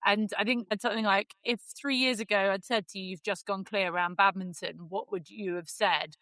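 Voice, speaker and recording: A woman co-hosting a podcast, telling stories in an animated, teasing way during casual chat. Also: mid-range voice, a little fast, no room sound. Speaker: podcast co-host.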